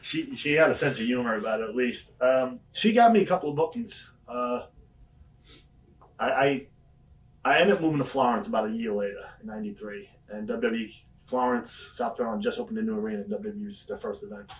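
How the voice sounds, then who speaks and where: Male guest, fast foul-mouthed storyteller, mic set back from him. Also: mid-range voice, recorded from a distance. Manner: profane, laughing anecdote telling. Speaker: wrestler guest. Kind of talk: storytelling shoot interview.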